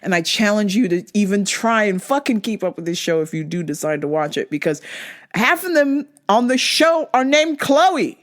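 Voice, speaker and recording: A young American woman in casual chat, swearing freely, laughing often and slipping into British slang. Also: a little high. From United States. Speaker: vlogger.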